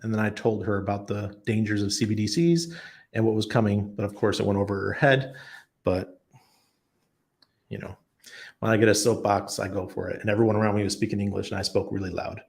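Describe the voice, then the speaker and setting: A middle-aged man hosting a livestream, answering viewer questions with blunt, animated opinions and stories. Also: on the low side, a little fast, vocal fry. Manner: animated storytelling, blunt and emphatic. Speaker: crypto channel host.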